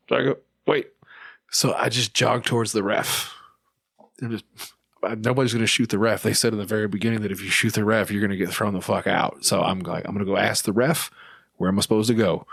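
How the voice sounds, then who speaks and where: A low-pitched man tells a crude, animated story on a casual podcast. The sound is dry and close, with no room echo. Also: gravelly. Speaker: podcast co-host.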